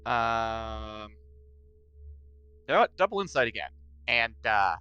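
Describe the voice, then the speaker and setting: A man's voice: medium pitch, sing-song, slow pace, bright, forceful tone, dull audio, faint music behind. A man playing a tabletop role-playing game, speaking partly in character in an earnest, formal way. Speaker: player.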